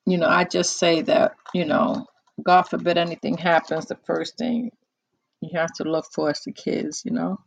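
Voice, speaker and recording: A host of a live call-in talk show chatting casually into a close microphone, unhurried and musing, with many pauses and fillers. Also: medium pitch, level tone, vocal fry, dry recording.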